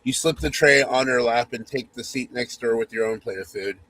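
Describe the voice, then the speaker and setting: A man's voice: mid-range voice, fairly quick, a bit bright, a little hiss or hum, low-quality recording. A man hosting a podcast, reading a spoof romance story in second person with mock-sultry narration and teasing asides. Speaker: podcast host.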